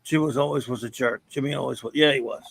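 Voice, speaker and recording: A man's voice: mid-range voice, fairly even intonation, fast, gravelly, breathy edge, no echo. A man co-hosting a casual comic book chat, blunt and opinionated. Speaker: podcast co-host.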